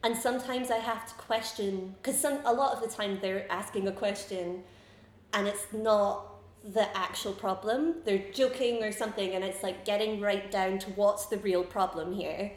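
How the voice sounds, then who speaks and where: A woman in her twenties chatting casually in an interview, rambling and giggling through animated stories. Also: medium pitch, normal speed, reverberant. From Scotland. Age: 20s. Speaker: comedian guest.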